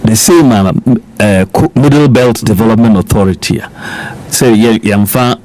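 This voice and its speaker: A man's voice: on the low side, moderate pace, darkish tone. A middle-aged man with a Ghanaian accent, speaking as a politician guest in a radio interview, emphatic and repeating his points while mixing in Twi.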